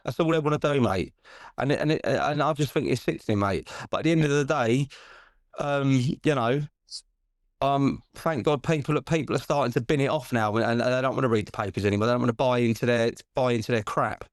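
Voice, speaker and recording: A British man talking as a podcast guest, indignant and animated, often restarting and asking "do you know what I mean". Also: mid-range voice, fairly quick, no room sound, clean studio sound. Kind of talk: casual podcast chat.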